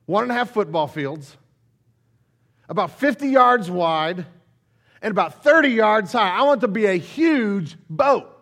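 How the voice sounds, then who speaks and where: High-voiced man preaching conversationally. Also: a little slow, creaky. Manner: conversational, animated, many asides. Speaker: pastor. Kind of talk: sermon, Bible reading and storytelling.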